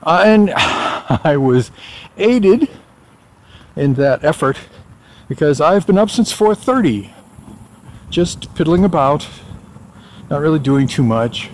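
A man's voice: on the high side, lively intonation, slow pace, long pauses. A middle-aged man talking casually while out on a morning walk, rambling along with filler words and small chuckles. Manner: rambling, chatty, with frequent "uh" and chuckles. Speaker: vlogger. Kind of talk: casual walking vlog.

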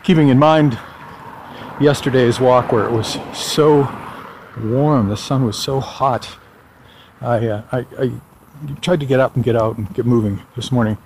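A man's voice: medium pitch, unhurried, a little mellow, slight background noise. A middle-aged man talking casually while out on a morning walk, rambling along with filler words and small chuckles. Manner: rambling, chatty, with frequent "uh" and chuckles. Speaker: vlogger. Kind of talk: casual walking vlog.

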